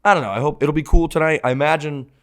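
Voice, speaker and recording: A man's voice: fairly high pitch, fast talker. A man co-hosting a podcast, telling stories in loose, profane banter. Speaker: podcast co-host.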